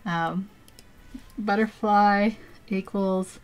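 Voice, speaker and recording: A chatty American woman talks to her live-stream viewers while she works on a drawing. She giggles often between phrases and pokes fun at herself. Her pitch sits in the middle range for a woman. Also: measured pace, a bit bright. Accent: General American. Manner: chatty, self-deprecating, reads and answers chat.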